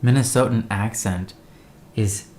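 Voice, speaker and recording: A man's voice: lowish voice, unhurried, dark tone. A man co-hosting a casual livestream, telling stories and reading viewer messages aloud. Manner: chatty storyteller, reads viewer messages aloud. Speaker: co-host.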